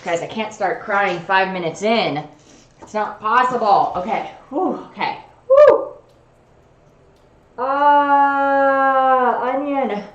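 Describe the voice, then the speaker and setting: A woman's voice: medium pitch, measured pace, fairly bright tone, roomy sound, highs cut off. A woman chatting casually on a cooking livestream, narrating what she does as she chops in her home kitchen. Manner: chatty, talks while chopping, self-narrating. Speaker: cooking streamer.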